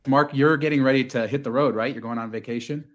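An upbeat man hosting a podcast. He runs through show announcements in a steady, everyday voice, then drifts into casual chat with his co-hosts. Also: medium pitch, fast. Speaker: podcast host.

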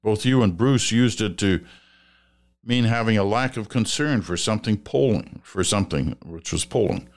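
An older Canadian man with a deep, low-pitched voice hosts a podcast in an easy, conversational way. He reads listener letters aloud, muses over them and chuckles often. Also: normal speed. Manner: relaxed, musing, chuckles often. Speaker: podcast host. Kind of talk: casual chat, reading listener letters.

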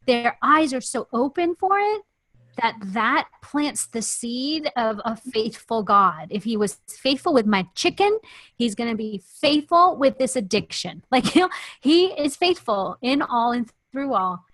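A woman hosting a faith-based podcast, telling stories in an impassioned, animated way. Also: fairly high pitch, unhurried, dry recording. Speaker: podcast host.

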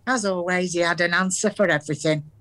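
A woman's voice: on the low side, a bit bright, natural voice. An actress playing an older Salford grandmother with a Salford accent, who tells earthy stories from the past with plenty of laughs. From Salford, England. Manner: storytelling, earthy, quick to laugh. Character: warm chatty Salford grandmother with dementia.

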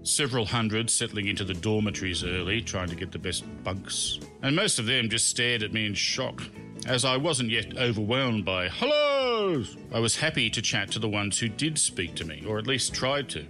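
Brief: male narrator, comic memoir, bright and animated, wry self-mocking delivery, soft music underneath. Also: fairly low pitch, moderate pace. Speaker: podcast host and narrator.

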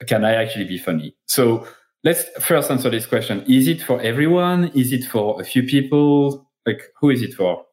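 A man's voice: medium pitch, normal speed, darkish tone, roomy sound. A man hosting a marketing podcast in casual interview chat, playful and self-deprecating and heavy on fillers. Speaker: podcast host.

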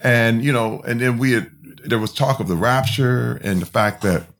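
A man from Flint, Michigan, talks at an ordinary middle pitch as a podcast guest. His delivery is candid and emphatic. He often circles back, restarts his sentences and leans on fillers while he tells his story. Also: moderate pace, a bit bright. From Flint, Michigan, USA.

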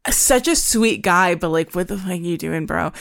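A woman's voice: lowish voice, moderate pace, gravelly, dry recording, clean studio sound. A young adult woman co-hosting a podcast, telling stories in casual chat, swearing freely and acting out what others said. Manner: animated storytelling, swears freely, acts out quotes. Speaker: podcast co-host.

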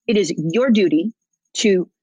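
A woman's voice: mid-range voice, a little slow, warm tone, husky, dry recording, rough recording. A woman guest telling a story in a casual interview, acting out quotes and swearing casually. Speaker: guest, comedian and activist.

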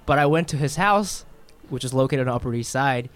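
A man's voice: mid-range voice, expressive, fairly quick. A man in a casual chat who asks a lot of questions and laughs often.

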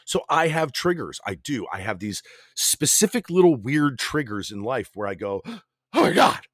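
Blunt, lively man co-hosting a podcast. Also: mid-range voice, normal speed, no room sound. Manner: blunt and swearing, animated, trails off and restarts. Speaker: podcast co-host. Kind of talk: casual chat between spouses.

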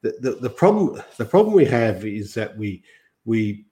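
Older man, fairly low voice, interview guest, long rambling answers, frequent restarts. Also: big pitch swings, moderate pace, mellow. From Australia. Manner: rambling, many restarts and quoted asides. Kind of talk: conversational political interview.

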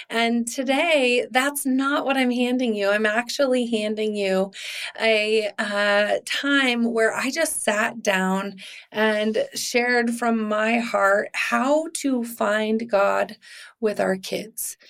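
Earnest woman podcast host, gravelly edge. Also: medium pitch. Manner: earnest and encouraging, with fillers and restarts. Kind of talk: casual heartfelt podcast talk.

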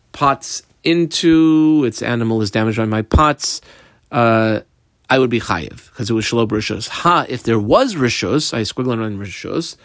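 A man's voice: mid-range voice, no room sound, clean studio sound. A man teaching a daily Talmud class, reading Aramaic text aloud and translating it as he goes, with frequent fillers, while describing the underlines and marks on his page. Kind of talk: daf yomi Talmud class.

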